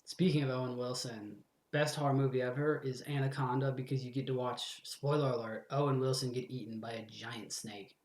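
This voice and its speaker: A man's voice: medium pitch, fairly even intonation, fairly quick, hardly any pauses, reverberant. A man streaming horror games, rambling through jokes and swearing as he plays. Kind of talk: casual game commentary.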